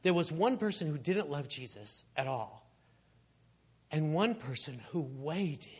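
A man preaching a sermon, telling the story in an animated, conversational way and acting out the people in it. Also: fairly high pitch, a little slow, slightly rough. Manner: animated, acts out quoted voices, conversational asides.

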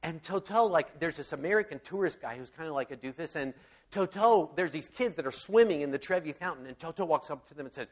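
A man's voice: a little high, expressive, fast talker. Rambling, filler-heavy man giving Bible talk. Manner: rambling, full of fillers and restarts; enthusiastic storyteller.

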